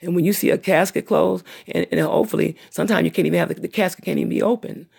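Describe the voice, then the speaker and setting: A woman's voice: lowish voice, quick pace, vocal fry, a little mellow, husky. A middle-aged woman hosting her own livestream, talking at length in a blunt, profane, long-winded way. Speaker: channel host livestreaming. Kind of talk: unscripted livestream rant.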